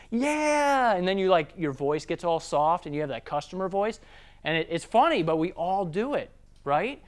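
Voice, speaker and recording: A Southern man with a high, smooth, resonant voice coaches a room on sales in a loose, casual way. He keeps slipping into quick voices to act out customers. He sounds like a young adult. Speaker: sales trainer. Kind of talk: seminar talk on sales.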